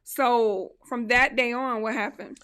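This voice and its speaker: Woman, podcast host, upbeat, chatty, higher pitch, bright sharp tone. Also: fairly even intonation, unhurried, smooth. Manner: upbeat, chatty, cheering her guest on. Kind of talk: casual podcast interview.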